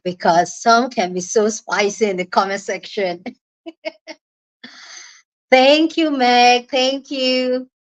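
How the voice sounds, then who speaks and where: A woman's voice: mid-range voice, lo-fi sound. A young woman with a Nigerian accent hosting a casual livestream chat from home, bubbly and laughing often as she greets viewers. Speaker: livestream host.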